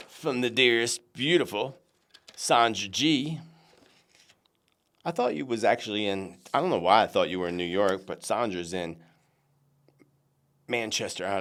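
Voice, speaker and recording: A man hosting his own psychic talk show, chatting casually and joking as he reads out viewers' holiday cards. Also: lowish voice. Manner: lively, animated, jokey, grateful.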